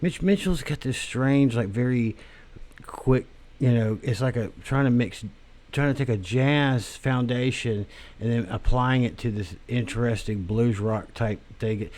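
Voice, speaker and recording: A man hosts his own show alone, rambling through a profane monologue with lots of "you know" and "like". His voice sits at an ordinary middle pitch, and he wanders from tangent to tangent in a crude, offhand way. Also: a little slow, darkish tone. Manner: crude, meandering, many fillers. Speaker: podcast host.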